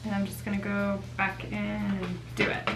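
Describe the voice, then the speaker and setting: A woman's voice: mid-range voice, completely flat delivery, moderate pace, music in the background. A young woman doing her makeup on camera, chatting in a playful, self-mocking way. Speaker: makeup vlogger. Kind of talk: casual chat. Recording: roomy echo, mic at a distance.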